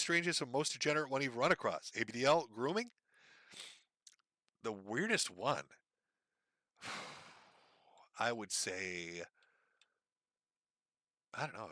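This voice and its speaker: A man reading out donation messages on a casual livestream, sardonic and profane, with a deadpan delivery. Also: a little high, no echo, studio quality.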